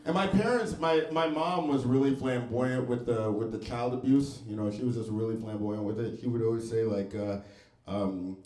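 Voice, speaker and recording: Deadpan stand-up man, very proper diction. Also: mid-range voice, moderate pace. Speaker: stand-up comedian. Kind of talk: stand-up set. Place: comedy club stage. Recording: echoey club room.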